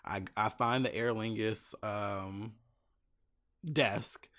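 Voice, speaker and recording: A man's voice: fairly low pitch, steady tone, drawn-out words, fairly bright tone. A man hosting his own podcast, recounting a trip in a casual, profane, exasperated way, full of asides. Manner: profane, exasperated anecdote telling with many asides. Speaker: podcast host. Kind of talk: casual solo podcast storytelling.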